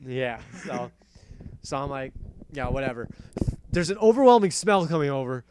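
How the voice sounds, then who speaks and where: A man hosting a casual talk show, telling a story in an animated, profane way and laughing often. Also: medium pitch, moderate pace, slight background noise. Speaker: host.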